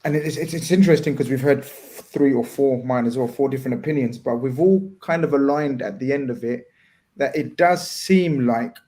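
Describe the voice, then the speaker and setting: A man's voice: mid-range voice, warm tone. A man hosting a casual live stream, reading out viewer messages and asking his guests about them. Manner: reads viewer messages aloud, halting. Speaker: host.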